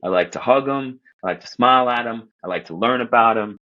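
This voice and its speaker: A man from Queens, New York, telling stories as a podcast guest in animated, casual talk, swearing and acting out what people said. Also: medium pitch, fairly quick, lo-fi sound. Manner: animated, profane, acts out quoted voices. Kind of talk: casual storytelling chat.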